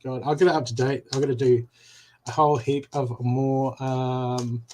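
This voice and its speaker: A man's voice: mid-range voice, flat delivery, moderate pace, dark tone, a little hiss or hum, poor audio. A middle-aged man hosting a live reading stream, chatty and rambling as he talks to viewers at home. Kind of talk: casual live-stream chat. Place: home room.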